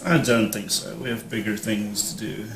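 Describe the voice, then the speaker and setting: A man's voice: lowish voice, fairly even intonation, moderate pace, gravelly, fairly bright tone. A man playing a tabletop game, talking bluntly and casually. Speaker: player. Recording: echoey room.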